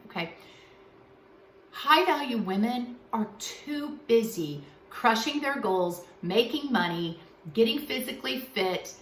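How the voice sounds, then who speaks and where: A woman's voice: mid-range voice, fairly bright tone, slight background noise. Emphatic woman coach in an echoey room. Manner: earnest, emphatic, repetitive coaching. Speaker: relationship coach. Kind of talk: direct-to-camera advice vlog.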